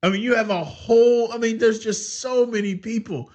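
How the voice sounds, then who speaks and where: A man's voice: extremely high pitch, fairly even intonation, normal speed, a little mellow, highs cut off. A man hosting a sports podcast, giving his opinions in a solo talk full of restarts and "I mean". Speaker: podcast host.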